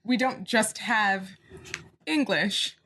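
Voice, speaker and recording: Woman podcast co-host, casual chat, skeptical and quick to correct. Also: mid-range voice, bright, forceful tone, slight background noise. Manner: questioning, corrects points.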